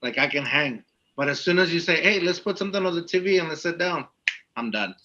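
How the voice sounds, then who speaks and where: A man's voice: high voice, animated, quick pace, sharp tone, highs cut off. A young man co-hosting a podcast, joking around and reading out listener questions in casual chat. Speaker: podcast co-host.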